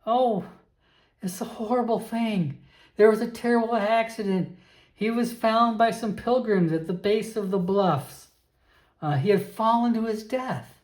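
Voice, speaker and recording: A man voicing a grieving middle-aged aunt, speaking in a soft, slightly higher, hesitant way. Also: a little slow, roomy sound. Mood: sorrowful.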